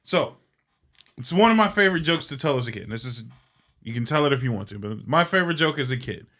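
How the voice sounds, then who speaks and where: A man's voice: medium pitch, lively intonation, quick pace, pushed and bright. A man hosting a podcast, telling a long joke in a casual, rambling and profane way. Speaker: podcast host. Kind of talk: casual storytelling.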